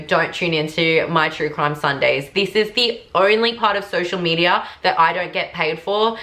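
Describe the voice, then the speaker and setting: A young woman chats through a true crime recap in a casual, rambling way, full of fillers and asides to her viewers. Her voice is bright and forceful and sits on the lower side. She sounds unscripted. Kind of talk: casual vlog commentary.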